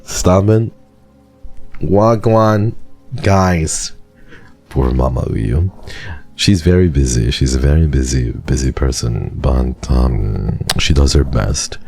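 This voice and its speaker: Very deep-voiced chatty young man. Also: gravelly, dark tone, slightly rough, soft background music. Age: 20s. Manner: rambling, chatty, quick restarts. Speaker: streamer. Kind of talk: casual chat with live chat.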